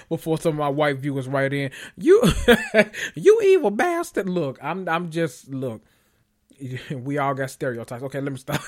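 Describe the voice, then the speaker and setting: A man's voice: mid-range voice, fairly bright tone. A man hosting a reality TV recap, rambling in sassy, profane commentary and laughing at his own jokes. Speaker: host of a reality TV recap show.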